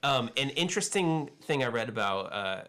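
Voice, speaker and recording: Man, podcast guest, casual chat, mid pitch, lively, agreeable. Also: normal speed, clear, resonant tone. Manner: agreeable, frequent "yeah". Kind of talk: casual movie discussion.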